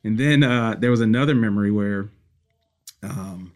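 Low-voiced man telling his story. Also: moderate pace, a little mellow. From Detroit, United States. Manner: reflective, rambling with many fillers, laughs between stories. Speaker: musician guest. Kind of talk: casual storytelling interview.

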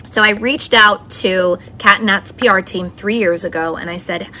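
A woman's voice: medium pitch, normal speed, pushed and bright, a little hiss or hum. A woman hosting her own podcast, talking in a chatty, encouraging and upbeat way. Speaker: podcast host. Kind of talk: solo motivational podcast talk.

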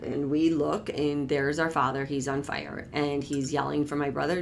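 A woman's voice: deep voice, level tone, normal speed, vocal fry, hardly any pauses, a little hiss or hum. A woman telling a personal story in a rambling, casual way, with many restarts and exasperated asides. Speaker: storyteller recounting her childhood.

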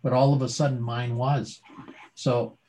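A middle-aged man with a voice of medium pitch shares a personal story as an interview guest. He builds it dramatically and keeps turning to the host with rhetorical questions. He sounds like a practiced public speaker. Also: flat delivery, a little slow, mellow, a little hiss or hum, low-quality recording. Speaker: guest, former doctor turned speaker.

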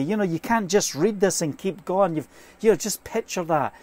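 A man with a high, slightly mellow voice speaks at a moderate pace, delivering a fervent, earnest informal sermon. He tells stories and quotes scripture from inside a trailer.

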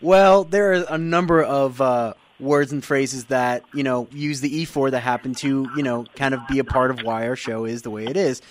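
A man's voice: mid-range voice, steady tone, moderate pace, hardly any pauses. A man co-hosting a radio show, joking and rambling with a lot of fillers. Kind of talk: playful radio show banter.

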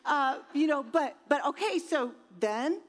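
A woman from Indiana telling a personal story, acting out her own thoughts in lively voices. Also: high voice, a little slow, long reverb tail. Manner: animated, acts out her own inner voice. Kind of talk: storytelling talk.

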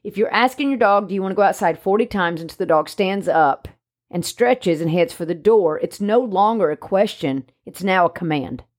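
A woman co-hosting a casual podcast chat, animated and jokey. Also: lowish voice, moderate pace. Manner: animated, jokey, speaks for the dog in mock voices. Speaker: podcast co-host, dog trainer.

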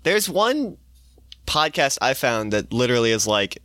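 A man's voice: medium pitch, sing-song, unhurried, pushed and bright, no echo. A young man co-hosting a casual comedy podcast, joking, laughing often and swearing casually. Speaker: podcast co-host and editor.

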